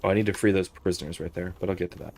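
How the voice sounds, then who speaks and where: Very fast, low, creaky and a little mellow, this man's voice carries a live game-play stream he hosts. He chats casually and thinks out loud, putting himself down along the way.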